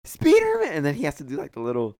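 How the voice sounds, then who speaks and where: A man's voice: medium pitch, racing. A young man hosting a podcast, chatting casually with friends in a slangy, laid-back way, often swearing. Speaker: podcast host. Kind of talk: casual chat.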